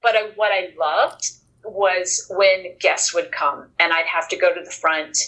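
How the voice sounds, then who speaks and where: A woman guest on a podcast, telling a personal story in an earnest, animated way, acting out the dialogue as she goes. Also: lowish voice, rough recording. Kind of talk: conversational storytelling.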